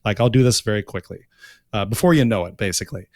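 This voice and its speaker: A man's voice: lowish voice, expressive, fast talker, darkish tone, no room sound. Male podcast co-host, easygoing, worn voice, dry close sound. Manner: easygoing, reading out a word origin. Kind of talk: casual chat.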